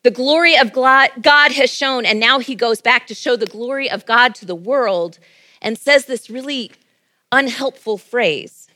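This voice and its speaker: A woman's voice: on the high side, unhurried, pushed and bright. A woman pastor giving a sermon and prayer in a playful, conversational preaching manner. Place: church.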